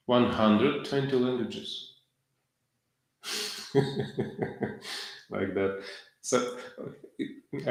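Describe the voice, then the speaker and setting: A middle-aged man giving a devotional lecture in halting English, full of fillers and self-corrections, with chuckles between points. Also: on the low side. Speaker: lecturer on scripture. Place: temple lecture hall. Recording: very echoey lecture hall.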